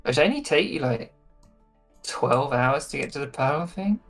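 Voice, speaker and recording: A game master in casual table talk, thinking aloud in an unhurried way and trailing off mid-thought. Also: mid-range voice, expressive, soft background music.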